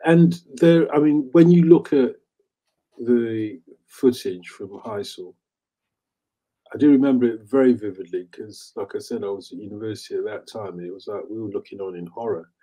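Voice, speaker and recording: A man in his fifties hosting a casual chat, telling animated stories and laughing easily. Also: lowish voice, moderate pace. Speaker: host.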